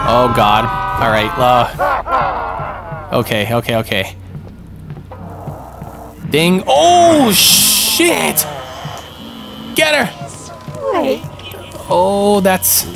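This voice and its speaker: A young man giving live commentary on a multiplayer game, excitable and panicky, yelping and throwing in a lot of slang. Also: high voice, vocal fry. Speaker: gaming streamer.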